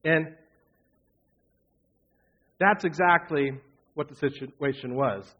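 A man's voice: fairly high pitch, takes it slowly, dull audio. A man preaching a sermon in an earnest way, repeating phrases for emphasis. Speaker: pastor.

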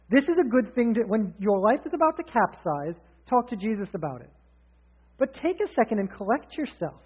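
A man preaching a sermon in an energetic, candid, conversational way. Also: high-pitched, husky. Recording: tinny phone-like sound.

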